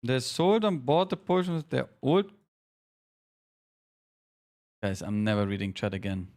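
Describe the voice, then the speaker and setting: A man's voice: medium pitch, sing-song, brisk, darkish tone. A man streaming a game live, chatting casually with viewers, joking at his own expense while calling out instructions to his teammates. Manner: chatty, jokey, self-deprecating, directing teammates. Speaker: streamer leading a game team.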